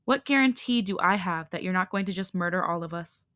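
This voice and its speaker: A woman's voice: lowish voice, fairly quick, sharp tone, no echo, clean studio sound. A woman reading a defiant, bitter female hybrid leader in a scornful, clipped voice.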